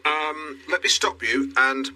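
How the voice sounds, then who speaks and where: A man's voice: fairly high pitch, slow, pushed and bright. A middle-aged man hosting a local radio show, pompous and rambling, with awkward restarts. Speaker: radio presenter.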